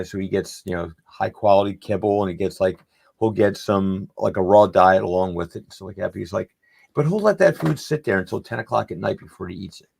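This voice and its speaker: Gravelly, low-voiced man telling a story. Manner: rambling, anecdotal, acts out quoted dialogue. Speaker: podcast panelist. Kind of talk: casual storytelling.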